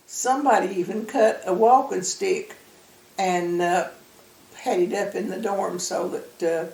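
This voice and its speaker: A woman's voice: medium pitch, vocal fry, darkish tone. A woman telling a story in an interview in a matter-of-fact, hesitant way. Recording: echoey room, distant mic.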